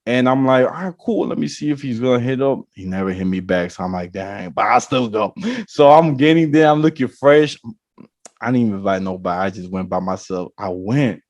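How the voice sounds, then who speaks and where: Speaking a little fast in a lowish voice, the podcast host relates a long, casual story and animatedly voices its people and their dialogue. His recording is dry.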